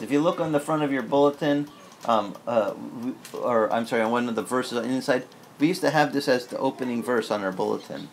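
A man preaching a sermon as pastor in a church, talking in a candid, conversational way and breaking into lively acted-out prayers. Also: mid-range voice, fairly quick, a little hiss or hum.

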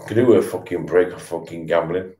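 With a low, mellow voice and a fairly quick delivery, this beer-tipsy man swears his way through a loose rant over the football game. He keeps repeating himself and stumbling into stammered restarts, all in a reverberant space.

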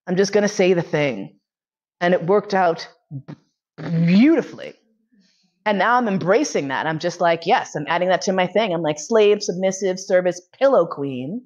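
Frank, laughing woman with a low voice. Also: moderate pace, long pauses, muffled recording. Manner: frank, bawdy, animated, laughs often. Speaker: lecturer. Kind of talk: candid storytelling lecture.

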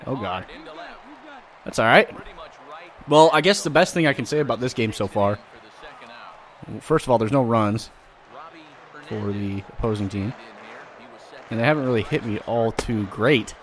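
A man hosting a gaming channel, giving loud, vulgar, excitable commentary while he plays. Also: mid-range voice. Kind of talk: let's play commentary.

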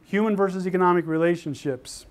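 An older man from Utah lectures to a class in a lively, storytelling way, acting out the people he describes. His voice sits a little higher than most men's. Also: quick pace. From Utah, USA. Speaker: university lecturer. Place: lecture hall.

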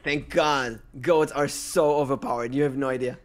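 A man's voice: mid-range voice, steady tone, normal speed. A man trading dry, teasing jabs as the opponent in a comedic presentation game. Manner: dry, teasing one-liners. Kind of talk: casual comedic banter.

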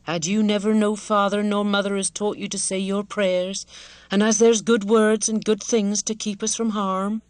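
Voicing a devout, kindly rural wife of middle age for an audiobook, a woman uses a homely country dialect and an earnest, motherly manner. Her medium-pitched delivery is level, moderately paced and lightly acted, with no room sound.

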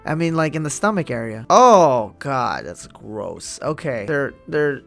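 A man's voice: fairly high pitch, big pitch swings, normal speed, gravelly, few pauses. Slangy man riffing over faint music. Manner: loose, slangy and joking, reads items aloud then reacts. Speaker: video host reacting to a list. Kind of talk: casual reaction commentary.

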